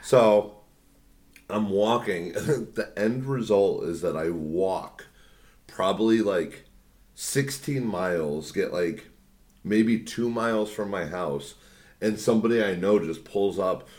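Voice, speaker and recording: A man's voice: on the low side, slow pace, a little mellow. A young man telling a profane, rambling story in a casual podcast chat. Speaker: podcast co-host.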